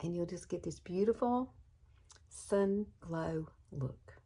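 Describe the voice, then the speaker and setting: A woman in her sixties chatting her way through a makeup tutorial, upbeat and familiar, calling her viewers girlfriends. Her voice sits a little low for a woman. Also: slow, dark tone, husky. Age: 60s. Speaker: beauty vlogger.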